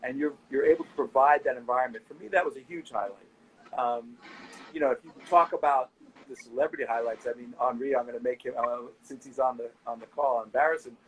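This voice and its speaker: Middle-aged guy spinning nightlife stories, mid pitch, slight hiss in the background. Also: fast, low-quality recording. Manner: animated anecdotes, quoting people. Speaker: nightlife owner and guest. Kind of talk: casual interview storytelling.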